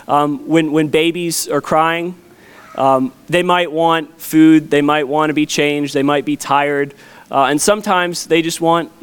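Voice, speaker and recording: A man in his thirties, a pastor preaching a conversational sermon with a folksy, storytelling manner. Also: fairly high pitch. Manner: folksy, storytelling with family anecdotes.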